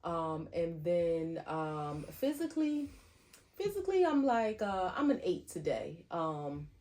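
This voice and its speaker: A woman co-hosting a podcast in casual chat, chatty and quick to laugh. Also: fairly low pitch, big pitch swings. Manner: chatty, laughs easily, loud-ish. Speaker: podcast co-host.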